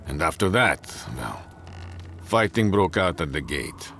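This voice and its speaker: Gravelly weary dwarf commander. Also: male voice, low-pitched, big pitch swings, a little slow, a bit bright, slight background noise, heavily acted. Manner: grim, blunt, gravelly. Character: gruff male dwarf tower commander, weary. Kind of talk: video game voice acting.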